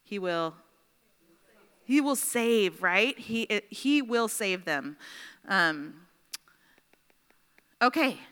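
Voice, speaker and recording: Bright-voiced woman teaching a class. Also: mid-range voice, lively intonation, drawn-out words, pauses often, clear, resonant tone, in a large hall. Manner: chatty, checks in with "right?". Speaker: Bible study teacher.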